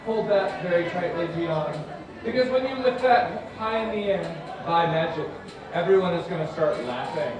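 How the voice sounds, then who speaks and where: A man's voice: sits high, animated, normal speed. A man performing as a children's magician at a live orchard show, playful and chanting, with mock surprise. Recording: distant, echoey, with music and crowd.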